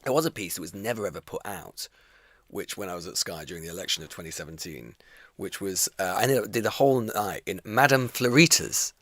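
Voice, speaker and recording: A man co-hosting a news podcast, rattling off a rambling story at speed. His pitch leaps and dips all over the place as he piles on filler words. The studio sound is close and dry. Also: animated, fairly quick, a bit bright, no room sound. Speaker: podcast co-host. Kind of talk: casual live Q&A chat.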